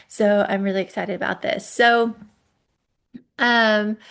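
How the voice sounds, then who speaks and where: A woman hosting a casual herbal podcast, chatty and hedging, with frequent ums and self-corrections. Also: medium pitch. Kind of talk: casual solo podcast talk.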